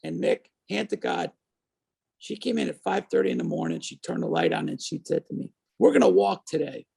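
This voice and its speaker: A man in his fifties, a guest on an interview show, telling his story in a lively way and acting out the voices of people he quotes. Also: a little high, a little fast, creaky, breathy edge. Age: 50s.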